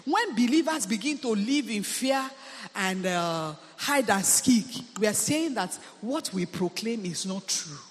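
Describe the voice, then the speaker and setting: A man preaches with a high voice. He drives his points home with emphatic repetition and frequent hallelujahs. A long hall reverb trails behind his sermon. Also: expressive, unhurried. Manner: emphatic, repeats phrases, calls hallelujah. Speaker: preacher, deliverance minister.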